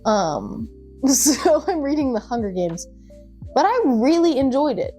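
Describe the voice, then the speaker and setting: A young woman talking casually as a book vlogger, chatty and gushing, with quick asides. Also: high-pitched, very animated, warm tone, soft background music. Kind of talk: casual chat.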